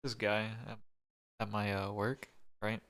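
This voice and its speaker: A man's voice: fairly low pitch, level tone, a little slow, vocal fry, a bit bright, smooth. A man co-hosting a podcast, joking and telling rambling anecdotes in casual chat. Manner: jokey, tells rambling anecdotes. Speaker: podcast co-host.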